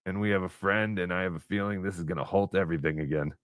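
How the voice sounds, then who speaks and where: A man's voice: sits low, fast, no echo. Man, podcast host, casual rambling delivery, dry close sound. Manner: rambling, hesitant, with many fillers. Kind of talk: casual live-stream chat.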